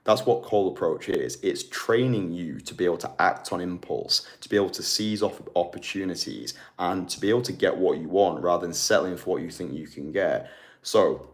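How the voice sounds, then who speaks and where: A man's voice: sits low, lively intonation, moderate pace. A man giving an emphatic, motivational dating-coach talk to camera, repeating his key phrases. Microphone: phone or camera mic.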